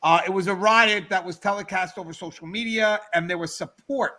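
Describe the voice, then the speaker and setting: A middle-aged man hosting a livestreamed talk show, chatting casually and telling a story to his viewers in an animated way. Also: high-pitched, brisk. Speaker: podcast host. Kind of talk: casual storytelling to a live chat.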